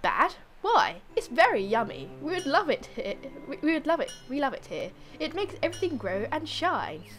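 A woman's voice: high voice, very animated, normal speed, few pauses, fairly bright tone. Woman doing a chirpy dung-selling bug.

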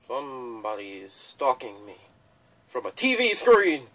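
A let's player giving excitable, jokey gameplay commentary. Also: mid-range voice, slow pace.

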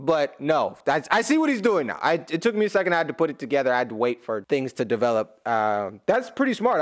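A man's voice: a little high, very animated, quick pace, hardly any pauses. A man giving casual reaction commentary as a YouTuber, rambling, correcting himself and adding humorous asides.

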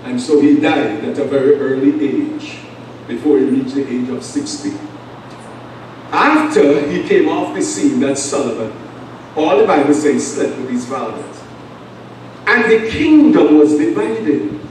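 An Antiguan man preaching with a fairly high voice and emphatic, drawn-out delivery. He sounds set back from the mic in a very echoey church, with faint room noise behind him. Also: animated, a little mellow, far from the mic. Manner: emphatic preaching with call-and-response and long pauses. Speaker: pastor. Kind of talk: sermon. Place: church sanctuary.

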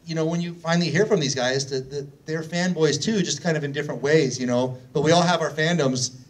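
A man's voice: fairly high pitch, brisk, recorded from a distance, rough recording. A man moderating a convention panel, chatty and enthusiastic like a fan. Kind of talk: casual convention panel hosting.

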